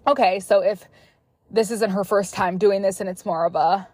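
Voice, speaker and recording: A young woman hosting a podcast, reading listener stories aloud and breaking off into chatty, animated asides. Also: medium pitch, moderate pace, no room sound, studio quality. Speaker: podcast host.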